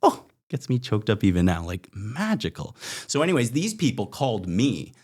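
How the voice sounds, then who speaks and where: A young man from Canada, a podcast guest telling stories in casual chat, animated, full of "like" and acting out what people said. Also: on the low side, normal speed. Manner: animated, acts out quoted voices, frequent "like" fillers.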